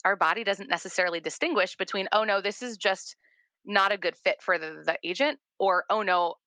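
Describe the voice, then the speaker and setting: Bright-voiced woman telling a story. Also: medium pitch, fairly quick, no room sound. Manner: animated storyteller, warm and earnest, repeats words as she talks. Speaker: guest, trauma therapist. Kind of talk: casual conversation.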